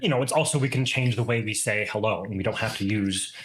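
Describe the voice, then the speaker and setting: A man's voice: fairly low pitch, fast talker, fairly bright tone. A man in casual group conversation, reflecting and explaining ideas step by step.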